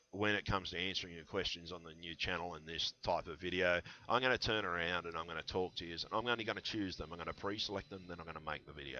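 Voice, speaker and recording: A man's voice: deep voice, sharp tone. A man rambling to his viewers in a conspiratorial vlog monologue, full of fillers and restarts, on a headset mic. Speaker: vlogger. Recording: dull lo-fi headset audio.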